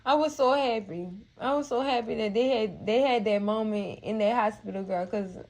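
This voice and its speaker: A woman's voice: fairly high pitch, moderate pace, a little mellow. A woman hosting a casual TV recap, chatty and heartfelt, calling her viewers cousins and girl. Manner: heartfelt, moved to tears at times. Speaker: TV recap channel host. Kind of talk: casual TV episode recap and review.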